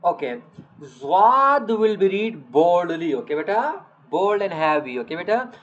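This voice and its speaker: A Quran reading teacher, slowly drilling Arabic letters with a child, repeating each sound patiently and checking in with "okay, beta". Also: mid-range voice, very animated. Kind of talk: slow letter-by-letter lesson to a child. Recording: dull lo-fi audio.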